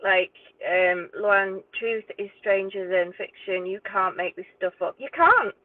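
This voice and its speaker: This woman, a true crime YouTuber, vents in an angry rant to camera, indignant, exasperated, and cursing. Her mid-range voice is unhurried. The sound is dry, tinny, and phone-like.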